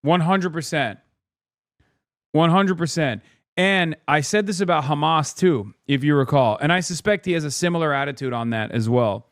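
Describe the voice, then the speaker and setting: A man's voice: animated, a bit bright, no echo. A man in his thirties hosting a casual livestream, blunt and profane, reacting to chat and videos on a close mic. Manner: blunt, profane, mocking, fast asides; jumps into high sarcastic voices to mimic others.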